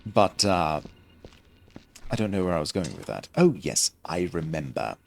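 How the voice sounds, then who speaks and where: A man's voice: low voice, big pitch swings, measured pace, gravelly, a little mellow, slight background noise. A young man streaming a game, rambling in a self-deprecating, jokey way with a mild faux British-Australian lilt. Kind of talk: rambling gameplay commentary.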